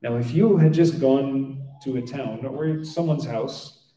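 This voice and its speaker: A man's voice: mid-range voice, slow, warm tone, distant mic. Man retelling a sacred story, echoey. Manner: conversational, acts out dialogue with lots of "right?". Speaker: religious teacher. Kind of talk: storytelling sermon.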